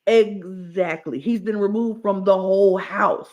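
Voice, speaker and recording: Unhurried and pitched high, a man co-hosts a reality TV podcast, ranting with animated emphasis and circling back to the same points in loose conversation. The audio sounds dull.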